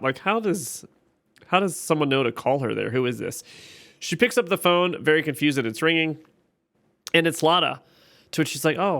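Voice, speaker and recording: Bright-voiced man recapping a TV episode. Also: medium pitch. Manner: retells scenes by acting out characters' lines.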